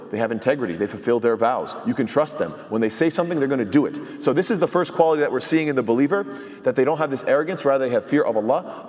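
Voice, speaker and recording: Fast-talking man teaching in a reverberant hall. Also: medium pitch, darkish tone. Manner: explains step by step, quotes Arabic, asks rhetorical questions. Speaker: imam giving tafseer. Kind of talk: sermon-style Quran commentary.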